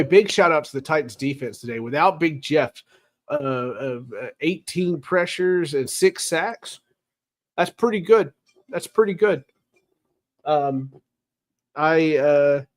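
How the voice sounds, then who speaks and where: A man hosting a casual live-stream football recap, chatty and wry, teasing his chat with sarcasm. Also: medium pitch. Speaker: sports show host.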